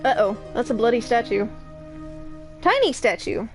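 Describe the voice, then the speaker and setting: A woman's voice: fairly high pitch, lively intonation, normal speed, soft background music. A young woman streamer chatting casually through a game playthrough with giggly asides.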